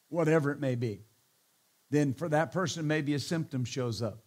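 A man's voice: medium pitch, normal speed, darkish tone. A middle-aged male pastor preaching a sermon, emphatic, often calling out hallelujah and amen, with joking asides to the congregation.

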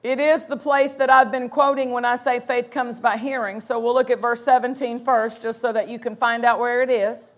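High-voiced woman pastor preaching. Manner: emphatic, slows down to quote scripture; animated, bursts of excitement. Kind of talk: sermon.

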